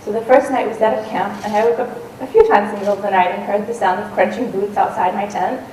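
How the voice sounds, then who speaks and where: A woman's voice: mid-range voice, steady tone, fast talker, mellow. Woman telling a story in a roomy hall. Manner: conversational, with frequent ums and restarts. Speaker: talk speaker, adventurer. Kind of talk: storytelling talk on stage. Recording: roomy and distant with faint noise.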